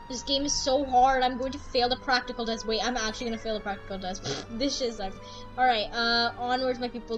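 High-pitched woman streamer, slangy and excitable, game music clearly playing behind. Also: low-quality recording. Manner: excitable, loud outbursts, slangy. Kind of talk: casual gaming livestream chat.

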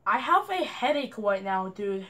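A woman's voice: medium pitch, sing-song, measured pace, a bit bright. A young woman commenting on her gameplay, frustrated and complaining at a teammate. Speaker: gamer.

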